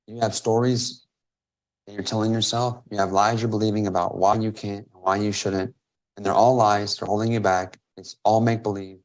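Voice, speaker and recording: A man's voice: lowish voice, level tone, normal speed. Emphatic man hosting a live coaching stream. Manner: emphatic, repeats phrases for stress. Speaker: host and business coach.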